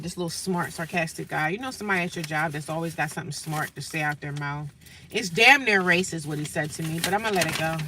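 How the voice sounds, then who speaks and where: A woman's voice: medium pitch, recorded from a distance, noisy background. A tired woman chatting casually to viewers in a vlog, venting about her day while sitting in her parked car. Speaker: vlogger. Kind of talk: casual vlog chat to camera.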